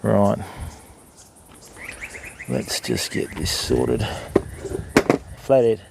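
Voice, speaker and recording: A man's voice: fairly low pitch, very animated, extremely slow, gravelly, darkish tone, slight background noise. An older Australian man chatting casually on a riverside fishing livestream, answering viewers and calling them mate and bud. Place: outdoors by a river.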